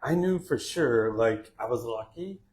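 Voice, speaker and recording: A man's voice: mid-range voice, animated, unhurried, a loud crowd. Easygoing man hosting. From Texas, USA. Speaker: host. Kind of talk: casual conversational interview.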